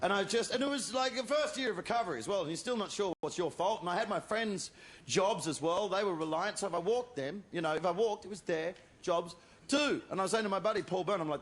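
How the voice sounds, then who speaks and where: A man performing a stand-up comedy routine, telling stories with animated delivery and shouted punchlines. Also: high-pitched, fast. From Australia. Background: audience laughter.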